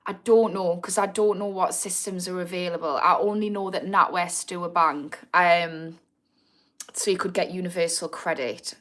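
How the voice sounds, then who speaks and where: A woman's voice: on the low side, steady tone, normal speed, a bit bright. A blunt woman in her thirties with a Geordie accent, hosting a live recovery Q&A and answering viewer comments, swearing freely. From Newcastle, England. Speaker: addiction recovery livestream host. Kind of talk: live Q&A chat.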